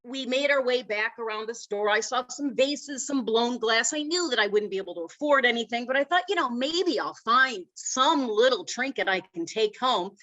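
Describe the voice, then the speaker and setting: Middle-aged woman, high-ish voice, animated self-deprecating storyteller at a speech club. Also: moderate pace, hardly any pauses, highs cut off. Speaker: Toastmasters speaker.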